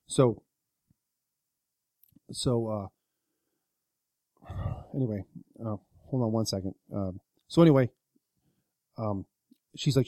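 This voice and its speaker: A man's voice: on the low side, slow pace, long pauses, mellow, dry recording. A man on a podcast casually retelling a story, rambling with many fillers and acting out what people said. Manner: rambling retelling with many likes and quoted voices. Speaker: podcast co-host.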